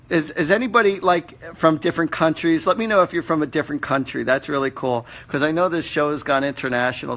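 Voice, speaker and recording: A man hosting a live-stream psychic reading. He answers viewers' questions in an earnest, halting way, with many fillers and restarts. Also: mid-range voice, gravelly, fairly bright tone. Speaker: psychic medium host.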